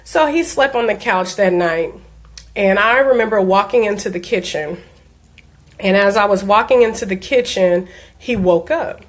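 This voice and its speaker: A woman's voice: mid-range voice, normal speed. A woman, a diabetes life coach, giving an earnest personal talk and telling a family story with emphasis.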